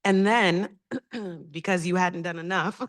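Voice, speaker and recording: A woman with a fairly low voice shares a personal story on a community panel. She speaks from the heart, thoughtfully, pausing and hesitating often. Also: fairly even intonation.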